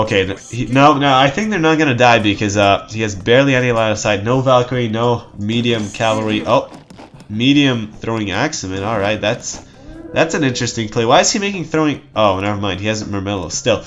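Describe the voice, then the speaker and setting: A man's voice: mid-range voice, brisk, fairly bright tone, faint music behind. A man giving casual, rambling game commentary, joking and breaking off with nervous laughs. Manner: rambling, jokey, self-interrupting with nervous laughs.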